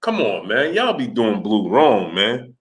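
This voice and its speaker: Speaking at a measured pace, a livestream host with a fairly low voice lets his pitch swing widely. In this casual stream chat, he reads out comments from viewers in a slangy way, calling them "brother."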